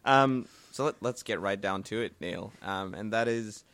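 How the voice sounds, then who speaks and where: A man's voice: fairly low pitch, normal speed, fairly bright tone. A man hosting a live podcast in casual chat, rambling with many fillers. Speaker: podcast host. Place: bookstore, live event.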